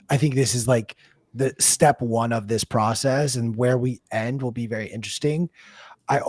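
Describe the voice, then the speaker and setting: A man's voice: mid-range voice, a little mellow, no room sound. A man co-hosting a casual panel discussion, chatty and full of fillers. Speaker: podcast co-host.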